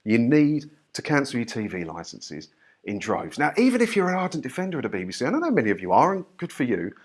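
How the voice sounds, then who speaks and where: A man's voice: mid-range voice, huge pitch swings, fast. Guy ranting to his viewers, voice bouncing up and down a lot, pushy. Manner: ranting, persuasive. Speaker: YouTuber. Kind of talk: opinion rant to camera.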